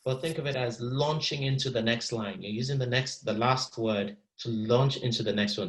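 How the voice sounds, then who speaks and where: Animated man coaching actors. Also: medium pitch, normal speed, few pauses, low-quality recording. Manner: animated, encouraging, repeats words while thinking. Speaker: acting teacher. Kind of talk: masterclass coaching.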